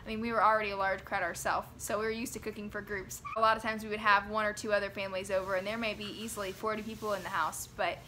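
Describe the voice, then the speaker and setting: Bright-voiced young mother reminiscing earnestly. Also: medium pitch, level tone, fast, few pauses, slight background noise. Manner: earnest, reflective and gentle storytelling. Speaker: mother sharing family memories. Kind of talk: personal reminiscence to camera. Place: at home.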